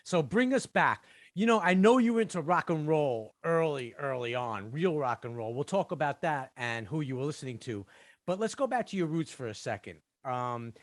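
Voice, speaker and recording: A man's voice: on the high side, animated, moderate pace, no room sound. A man hosting an interview, eagerly steering his guest back with questions. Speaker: interview host. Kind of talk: casual interview.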